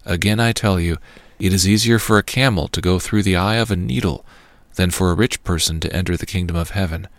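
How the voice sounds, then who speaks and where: A calm, authoritative male teacher speaking in measured, steady words, as a male reader gives him voice. The voice sits low with a gravelly edge, close and dry with no room sound. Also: no echo. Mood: solemn teaching.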